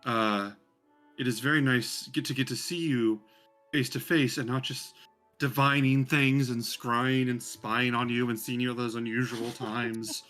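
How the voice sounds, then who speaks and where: A man's voice: mid-range voice, steady tone, measured pace, fairly bright tone, faint music behind, natural voice. A man voicing a grand, haughty seven-foot-tall noblewoman who is gracious but condescending. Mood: gushing. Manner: theatrical, gracious yet condescending.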